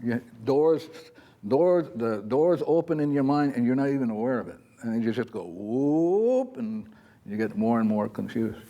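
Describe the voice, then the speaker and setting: Mellow-voiced man giving a rambling spiritual talk. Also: medium pitch, normal speed, highs cut off. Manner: rambling, chatty, acts out little quoted voices. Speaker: spiritual teacher. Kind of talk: informal spiritual talk to a live audience. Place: talk in front of an audience.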